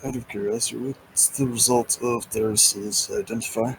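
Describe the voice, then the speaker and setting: A man playing a tabletop game, asking questions in a calm, dry way. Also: on the low side, normal speed, a little hiss or hum, rough recording. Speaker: player.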